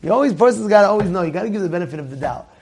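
A man with a high, gravelly voice tells a casual story, full of energy. He keeps circling back, repeating words and restarting sentences as he goes. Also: expressive, racing, a little mellow, a little hiss or hum. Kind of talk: casual anecdote.

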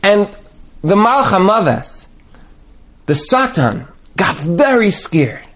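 A man giving a sermon on marriage, telling parables dramatically and building to emphatic, near-shouted points. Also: high voice, big pitch swings, slow. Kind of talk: sermon with storytelling.

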